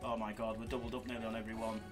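A man hosting a live slots stream, joking with his co-host and reacting loudly to spins. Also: fairly low pitch, monotone, very fast. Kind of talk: live-stream casual banter. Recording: music playing behind.

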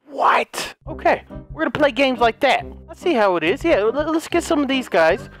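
A man giving excited, yelling commentary while playing a video game, shouting orders at his units. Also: very high voice, normal speed, loud music behind the voice. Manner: yelling commands at units, wildly animated. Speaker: gaming YouTuber.

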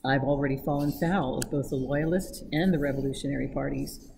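A woman reads a cheeky young Englishman who mocks every threat with light, teasing ease. The voice sits low for a woman. A clear hiss of noise runs under the recording. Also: steady tone, fairly quick, a little mellow, rough recording. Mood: mocking. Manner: flippant, teasing. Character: breezy, mocking young Englishman adventurer.

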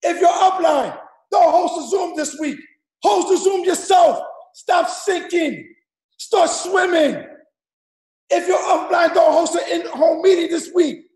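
Brief: loud, high-voiced man firing up a sales team in an echoey room, gravelly edges, drills every point twice. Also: takes it slowly, some chatter behind. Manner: loud, repetitive, drilling the audience with numbered points; street-slang preaching, rough gravelly shouting. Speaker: network marketing leader. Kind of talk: shouted motivational speech.

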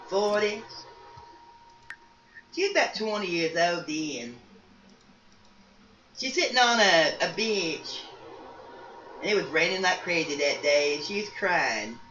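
A woman's voice: fairly low pitch, sharp tone, exaggerated voice. A woman playing a rambling psychic grandma. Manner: rambling, folksy, repeats and restarts words. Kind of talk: in-character storytelling for a life-sim game. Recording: roomy, distant, dull sound with faint noise.

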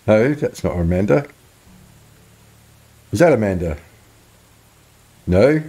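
A man's voice: fairly low pitch, lively intonation, unhurried, long pauses, mellow, husky. A man giving joking, playful commentary while playing a video game. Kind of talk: casual gameplay commentary.

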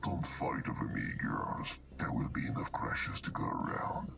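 An actor playing a mocking glitch creature in a video game, with a deep gravelly whispery voice. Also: male voice, unhurried, full character voice. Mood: sneering. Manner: sneering taunts. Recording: distant voice over loud game music.

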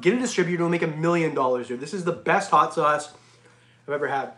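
A man hosting a casual reptile livestream, jokey and excitable, often breaking into laughs. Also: high-pitched. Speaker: reptile channel host. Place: home reptile room. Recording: echoey room.

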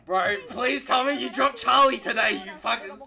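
A young man streaming his reaction, shouting, laughing and swearing with excitement, hoarse from yelling. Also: very high-pitched, moderate pace. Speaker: streamer reacting to a game trailer.

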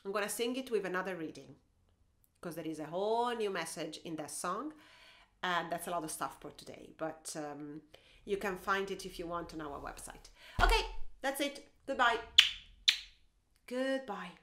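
A woman teacher reading a picture book aloud to children in an animated, playful way, with mouth sounds and sing-song asides. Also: on the low side, moderate pace, roomy sound. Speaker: teacher and storyteller.

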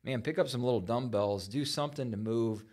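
Encouraging pastor, folksy storyteller. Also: male voice, mid-range voice, brisk, a little mellow. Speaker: pastor hosting a church podcast. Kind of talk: casual chat.

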